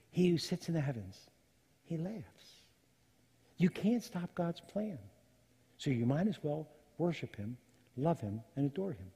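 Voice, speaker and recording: Man, pastor, sermon, animated storytelling, slightly high, husky voice. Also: measured pace, long pauses. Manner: animated storytelling, acting out biblical characters. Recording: long hall reverb.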